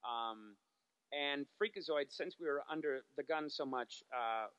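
A man's voice: a little high, a little slow, fairly bright tone, clean tone, no echo, dull audio. A man, a TV animation writer, talking as a guest in a casual interview, telling stories with lots of fillers and restarts.

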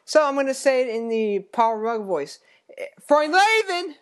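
A man hosting a casual podcast, chatty and halting with frequent fillers. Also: very high voice, clean tone. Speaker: podcast host.

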